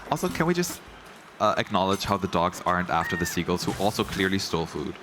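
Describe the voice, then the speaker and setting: A man presenting a game at an event booth, chatting excitedly and often laughing as he plays. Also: sits low, quick pace, noisy background. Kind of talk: casual game commentary. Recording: game music playing behind. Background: game music.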